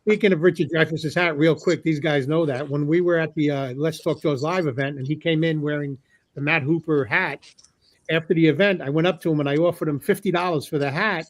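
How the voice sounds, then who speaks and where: Host, male, slightly higher pitch, brisk storyteller. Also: steady tone, rough recording. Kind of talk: casual chat.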